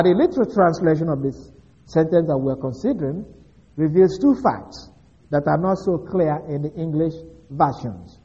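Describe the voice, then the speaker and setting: A man with a fairly high but mellow voice teaches scripture in a methodical, explanatory way. The recording is dull and lo-fi. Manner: methodical, explanatory, with occasional restarts. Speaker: Bible teacher. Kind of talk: expository Bible teaching.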